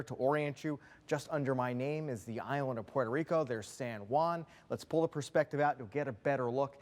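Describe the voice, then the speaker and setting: A man presenting the weather on a local TV newscast, talking viewers through maps in a brisk, conversational way. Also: medium pitch. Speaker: TV weather forecaster. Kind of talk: broadcast weather forecast. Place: TV news studio.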